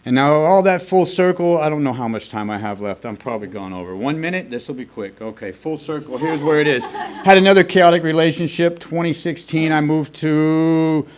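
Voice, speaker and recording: A man's voice: a little high, normal speed, few pauses, darkish tone. A man speaking at a recovery meeting, telling his own story in a candid, plain-spoken and earnest way, with some casual swearing. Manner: earnest and confessional. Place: meeting room at a school.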